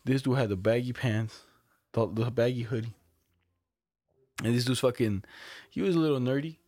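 Ein junger Mann im lockeren Gespräch, der entspannt Geschichten erzählt, oft flucht und lacht. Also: male voice, medium pitch, moderate pace, dark tone, dry recording. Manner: laid-back storytelling, swears, laughs often. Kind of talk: casual chat.

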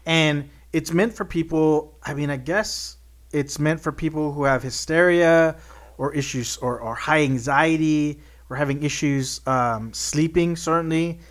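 A man co-hosting a podcast, chatting casually with wry asides and halting, self-correcting explanations. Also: a little high, a bit bright. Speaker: podcast co-host. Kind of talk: casual chat.

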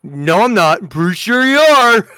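A man co-hosting a casual podcast, his voice a little higher than most men's and swinging widely in pitch. He tells stories with energy and acts out both sides of each exchange, recorded dry and close with no room sound. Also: measured pace, dry recording. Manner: animated storytelling, acting out both sides of conversations. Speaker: podcast co-host. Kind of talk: casual chat.

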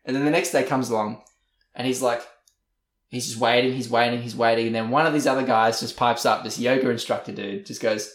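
A man co-hosting a casual chat podcast tells an animated story and breaks into laughter mid-sentence. He slips into voices for the people he quotes. His voice bounces around a roomy, echoing space. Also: medium pitch, a little fast. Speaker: podcast co-host. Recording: roomy echo.

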